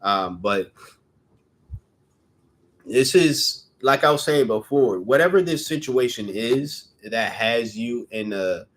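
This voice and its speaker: A man's voice: mid-range voice, lively intonation, takes it slowly, fairly bright tone. A young man giving a casual tarot reading, chatty and rambling, who sometimes stumbles over his words. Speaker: tarot reader.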